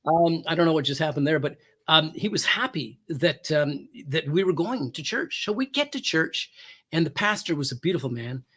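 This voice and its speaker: A man's voice: on the high side, expressive, normal speed, a bit bright, breathy edge. A former police officer telling a personal story as a talk show guest, acting out the quoted lines with big jumps in his voice.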